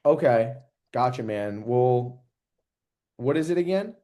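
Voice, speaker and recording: A man acting out a cautious male sales prospect who hedges his way through objections. He talks in a loose, casual manner. His voice sits at an ordinary middle pitch. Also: animated, slow pace, lo-fi sound. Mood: hesitant. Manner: casual, hedging, low-key objections.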